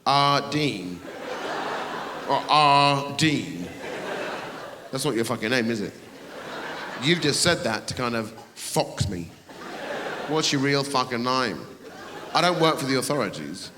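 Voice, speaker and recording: Speaking slowly and pausing often, this English comedian has a medium-pitched, animated voice as he swears at and ribs his audience in a big theatre. Crowd sounds and theatre reverb fill the recording.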